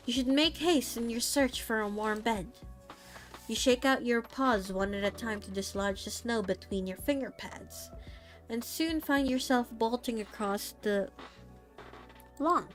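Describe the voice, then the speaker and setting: A young woman gently reading a second-person story as a VTuber storyteller, soft and slightly halting. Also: fairly high pitch. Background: soft background music.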